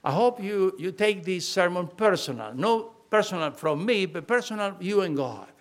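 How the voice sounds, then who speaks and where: A man's voice: high voice, lively intonation. Older man preaching with fervent emphasis. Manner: fervent, emphatic preaching with halting, repeated phrases. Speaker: pastor. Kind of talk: sermon.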